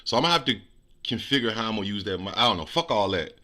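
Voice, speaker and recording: Male livestream commentator, very bright voice, jeering and profane, quick to laugh. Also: lowish voice, lively intonation. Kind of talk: reaction commentary.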